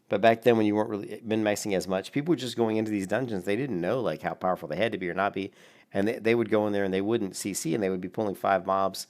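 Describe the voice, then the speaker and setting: Low-voiced man in profane gaming commentary. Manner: rambling, profane, laughs often. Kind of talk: casual reaction commentary.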